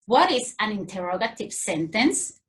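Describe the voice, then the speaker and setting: A woman with a Mexican accent teaching a grammar lesson to young children, in a clear, sing-song teacherly way. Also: medium pitch, sing-song, normal speed.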